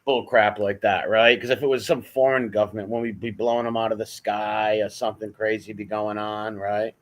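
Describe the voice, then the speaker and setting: A man's voice: fairly low pitch, little pitch movement, moderate pace. A man hosting a casual live-stream chat, asking blunt, probing questions in folksy everyday wording.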